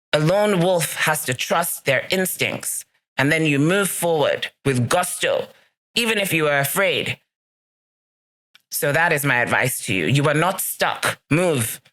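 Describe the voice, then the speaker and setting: A woman's voice: low voice, expressive, unhurried, fairly bright tone. A woman hosting a solo podcast, talking earnestly and emphatically, repeating key phrases as she gives encouragement to listeners. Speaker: podcast host. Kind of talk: solo motivational podcast talk.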